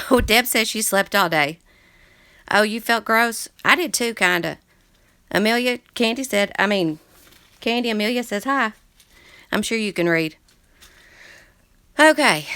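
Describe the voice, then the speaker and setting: Her mid-range voice is pushed and bright, with a clear, resonant tone and no room sound. This crafting channel host streams casually from a book-filled craft room, greeting viewers while reading out their chats and chatting in a scattered, friendly way.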